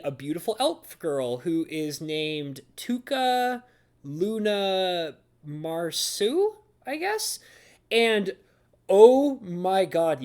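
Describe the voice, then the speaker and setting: A man reviewing anime in a casual, rambling way, full of fillers and gushing enthusiasm. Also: high voice. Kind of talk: casual talk to camera.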